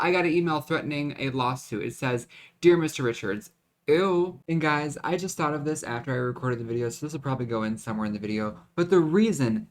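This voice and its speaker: A young man venting in a confessional vlog, dramatic and profane, often restarting and repeating himself. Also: mid-range voice. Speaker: vlogger.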